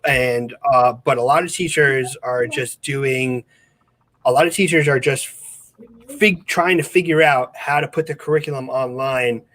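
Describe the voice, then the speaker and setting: A man's voice: mid-range voice, measured pace, fairly bright tone. A man, a special education teacher, explaining his online teaching at length in a casual podcast chat over a video call. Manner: earnest, explains at length with restarts.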